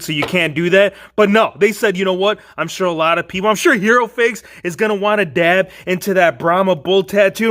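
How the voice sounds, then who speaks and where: A man hosting a casual toy collector vlog, talking excitably in slang and calling viewers bro and man. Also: sits high. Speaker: toy collector channel host.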